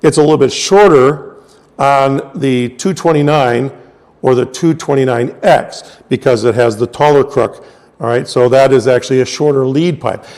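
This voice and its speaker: A middle-aged man from the United States explains trumpet designs patiently and methodically, often pausing to check in with his listener. His voice sits at an ordinary pitch for a man. The recording carries a long, lingering reverb. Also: a little mellow. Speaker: trumpet product specialist. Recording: reverberant room with long echo.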